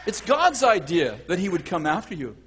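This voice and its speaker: A male preacher giving a lively sermon, acting out voices and often restarting his sentences. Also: high voice, normal speed, a crowd in the background. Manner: animated, acts out voices, self-correcting.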